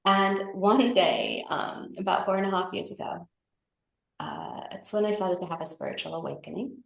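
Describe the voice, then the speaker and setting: Gravelly middle-aged woman in an echoey room. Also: on the low side. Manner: chatty, with frequent tag questions and fillers. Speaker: guest. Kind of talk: personal storytelling in conversation. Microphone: video call.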